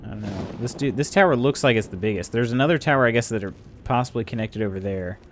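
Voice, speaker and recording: A man's voice: medium pitch, quick pace, a little hiss or hum. Chatty male gaming streamer. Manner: chatty, thinks aloud, talks to viewers. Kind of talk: casual live gameplay commentary.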